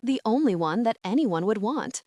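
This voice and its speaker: A woman voicing a gentle, humble elderly fairy godmother whose voice shakes as she talks apologetically. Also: fairly high pitch, lively intonation, normal speed, no echo, pitched above the performer's own voice. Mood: tearful. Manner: soft, apologetic, with a shaky voice.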